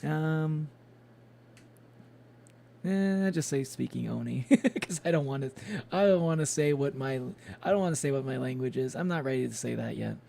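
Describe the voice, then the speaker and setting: A man's voice: mid-range voice, moderate pace, creaky, mellow. A man streaming a game, chatting casually and rambling with lots of fillers and little chuckles. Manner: rambling, many fillers and restarts, chuckles often.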